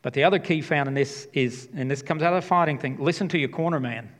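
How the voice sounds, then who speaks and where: A man's voice: a little high, quick pace. A man preaching a sermon as pastor, talking passionately and emphatically and repeating his key phrases. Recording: long hall reverb.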